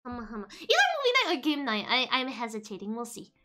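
A woman's voice: fairly high pitch, wildly swooping pitch, fast, sharp tone, slight background noise. A woman streaming live, chatting casually with her viewers in a giggly, playful way, rambling with many restarts. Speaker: VTuber streamer. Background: faint background music.

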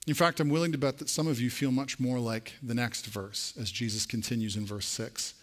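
A man's voice: steady tone, fairly quick. A man preaching a sermon in church, speaking earnestly and directly to his congregation. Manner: rising to an emphatic pitch near the end. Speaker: pastor.

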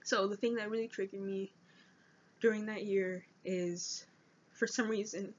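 An eighteen-year-old woman vlogging about her own life, speaking earnestly and haltingly as she reads from notes. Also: medium pitch, little pitch movement. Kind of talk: personal confessional vlog. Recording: dull lo-fi recording.

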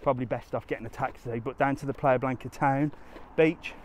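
A man's voice: mid-range voice, fairly even intonation, a little fast, a little mellow, a little hiss or hum. A man chatting casually to live viewers as he walks along a sunny resort street, answering their questions. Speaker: travel vlogger answering live chat. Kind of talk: casual live-stream walking vlog.

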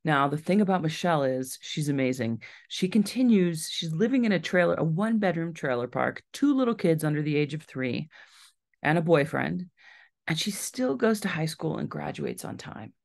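A woman's voice: low-pitched, moderate pace, creaky. A woman author giving a library talk, telling a true story and acting out the people in it. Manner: animated storyteller, acts out quoted voices. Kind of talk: storytelling lecture.

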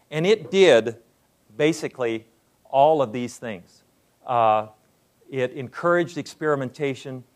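A man, older, giving a lecture to an audience as a university president, unhurried and full of "uh" fillers. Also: mid-range voice.

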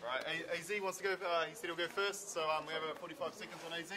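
A man with a New Zealand accent hosting a street rap battle, introducing the rappers casually with quick fillers. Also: on the high side, steady tone, a crowd in the background. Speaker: battle host. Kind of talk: casual announcing. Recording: loud music behind.

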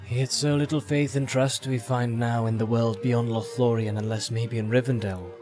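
Brief: a man doing a grave elf warden for an audio drama. Measured and formal, mid-pitched, with music beneath. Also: lightly acted. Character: stern, dignified male elf guardian. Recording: background music.

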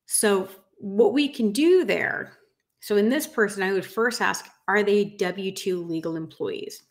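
In an unhurried, mid-range voice, a dog grooming business coach in her thirties rants casually to the camera. She's blunt and emphatic, and keeps calling her audience "guys."

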